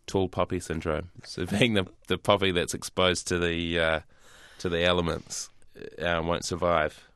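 A man with a New Zealand accent answers interview questions in a very deep, bright voice. He talks dry and hesitant, with fillers and soft laughs, recorded close and dry. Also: little pitch movement, normal speed, hardly any pauses, clean tone, no echo. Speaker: guest actor and comedian. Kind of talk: interview conversation.

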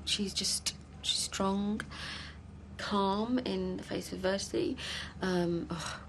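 A hesitant young receptionist. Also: female voice, medium pitch, steady tone, gravelly, slight background noise. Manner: hesitant, soft, full of pauses. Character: timid young female office receptionist.

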